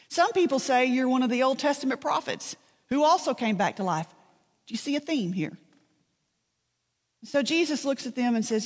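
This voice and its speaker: A woman's voice: high voice, animated, normal speed. Woman preaching in a reverberant hall. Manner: conversational storytelling with dry asides. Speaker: pastor. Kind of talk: sermon.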